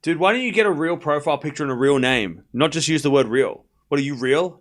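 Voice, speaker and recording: A man's voice: on the high side, expressive, quick pace, hardly any pauses. A young man hosting a live tennis watchalong, calling scores and answering chat with joking mock anger. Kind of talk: casual live watchalong commentary, reading chat.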